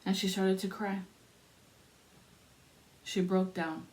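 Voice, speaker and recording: A woman telling a spiritual story in a soothing, drawn-out way, pausing between phrases. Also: medium pitch, little pitch movement, a little mellow.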